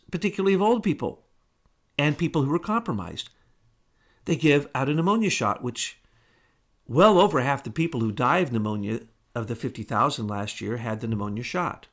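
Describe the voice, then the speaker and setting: A man's voice: fairly high pitch, a bit bright. A man hosting a talk show, delivering an emphatic, indignant monologue full of rhetorical questions.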